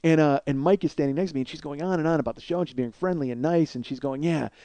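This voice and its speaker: A man's voice: on the high side, rapid-fire, dark tone, smooth, no room sound. A man telling a rambling, profane, self-deprecating comedic story as a podcast host.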